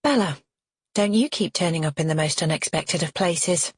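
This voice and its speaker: A woman's voice: sits low, steady tone, moderate pace, breathy edge, no echo, studio quality. A woman voicing a cold, polished sister-in-law with a cutting manner in an audiobook. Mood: icy.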